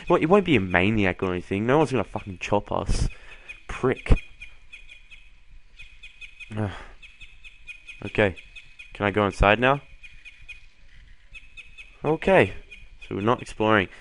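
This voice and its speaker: A young man with a lowish voice talks over a horror game in relaxed, sweary commentary. He reads the characters' lines aloud in a flat voice, then mocks them with dry sarcasm. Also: slight background noise. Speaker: let's play gamer. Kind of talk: casual gameplay commentary.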